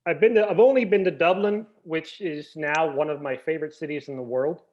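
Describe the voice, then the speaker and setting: A man's voice: fairly high pitch, fairly quick, a little mellow, highs cut off. A man guesting on a podcast over a video call, telling self-deprecating stories. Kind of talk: casual chat, anecdotes.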